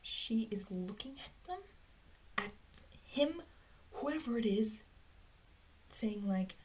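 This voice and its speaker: Rambling over a fan theory, this woman thinks aloud to herself, slowly and with many pauses, often sinking into a whisper. Her slightly high voice is expressive, captured up close while she's alone.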